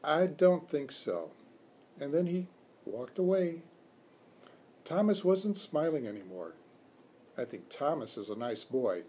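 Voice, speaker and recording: A man reads a children's chapter book aloud at an unhurried pace, his pitch rising and falling with lively expression. His voice is somewhat husky, with a higher-than-average pitch for a man. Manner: expressive, does character voices. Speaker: school read-aloud reader.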